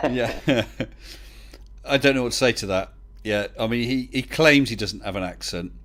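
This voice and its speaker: Jokey male host on a voice-call stream, ordinary pitch, quick to laugh. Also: animated, pushed and bright. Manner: chatty, laughs often, jokey. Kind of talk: casual chat. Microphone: voice chat call.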